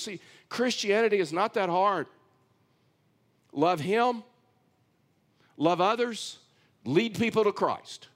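A man from Texas with a Texan accent, preaching a conversational, storytelling sermon as pastor. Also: sits high.

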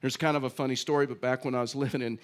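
A man's voice: mid-range voice, steady tone, rapid-fire. A male pastor preaching a sermon in a conversational, storytelling way with self-deprecating humor. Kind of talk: sermon with personal stories.

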